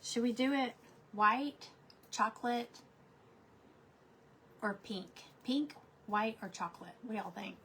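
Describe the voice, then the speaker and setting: A middle-aged woman chatting casually while she paints crafts, telling stories and often trailing into soft asides. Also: fairly high pitch, slow, pauses often, a little hiss or hum. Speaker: crafting vlogger.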